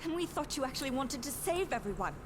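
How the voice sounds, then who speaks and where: A woman's voice: high-pitched, sing-song, quick pace, noisy background. An actress voicing a spirited young noblewoman in a video game, pointed and indignant. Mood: reproachful. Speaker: game character.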